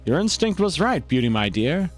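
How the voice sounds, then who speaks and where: A man's voice: fairly high pitch, very animated, moderate pace, faint music behind. A man doing a flirty gangster with a fake Italian accent. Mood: smarmy. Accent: put-on Italian. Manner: flirty, theatrical, overly gallant. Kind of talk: gameplay dialogue read-aloud.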